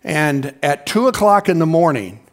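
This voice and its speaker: High-voiced preacher telling a story. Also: male voice, very animated, moderate pace. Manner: conversational storytelling, calls on the congregation to respond. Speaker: pastor. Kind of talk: sermon.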